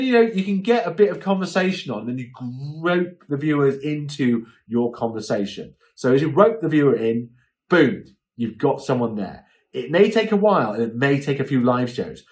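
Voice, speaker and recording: A man talks through a lesson in a loose, conversational way, his voice swinging up and down with lots of life. He sits a little higher than most men and keeps checking in with his listeners. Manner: chatty, animated, checks in with "okay?". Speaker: livestream selling trainer. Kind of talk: informal instructional talk.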